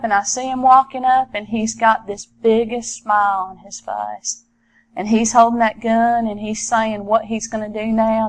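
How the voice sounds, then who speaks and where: A middle-aged woman, a former police officer, telling her own story in an earnest, halting way with many repeated starts. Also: on the high side, rough recording. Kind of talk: personal testimony storytelling.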